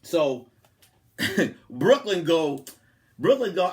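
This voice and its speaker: A young man, a comedian hosting a podcast, telling a comic story and acting out the people in it, swinging from loud outbursts to hushed asides. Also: high voice, slow, pauses often. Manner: animated, swings from loud to hushed, acts out quotes.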